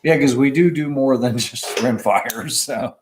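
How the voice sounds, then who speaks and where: A man co-hosting a casual podcast chat, animated and reading viewer questions aloud. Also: mid-range voice, unhurried, background noise. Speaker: podcast co-host. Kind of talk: casual chat about shooting.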